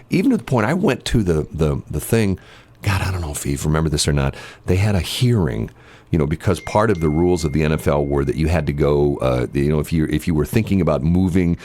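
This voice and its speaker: A man's voice: very deep voice, darkish tone, no room sound. A man hosting a morning radio show, telling rambling stories with jokey asides in casual chat. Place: radio studio. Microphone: studio microphone.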